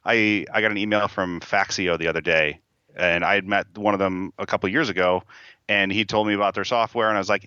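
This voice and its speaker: A male podcast guest telling stories in a rambling, relaxed way over a dull, slightly lo-fi line. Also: fairly low pitch, quick pace, smooth, no room sound. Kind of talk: casual podcast chat.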